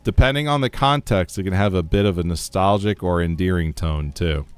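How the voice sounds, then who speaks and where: A man's voice: sits low, fairly quick, clear, resonant tone, no room sound, soft background music. A man from the United States streaming a game, chatting casually, reading chat aloud and laughing often.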